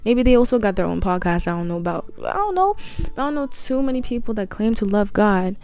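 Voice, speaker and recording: A woman's voice: medium pitch, fast talker, darkish tone, clear, resonant tone. A young woman hosting a casual Christian podcast, talking earnestly and bluntly with slang and restarts, a little tired. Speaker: podcast host.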